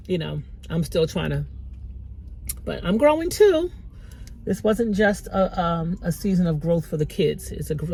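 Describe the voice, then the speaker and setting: Mom talking straight to camera, husky and kinda teary, chatty faith pep talk. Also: female voice. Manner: warm, conversational, lively pitch swings with bursts of laughter. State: tearful, emotional. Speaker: mother and small business owner.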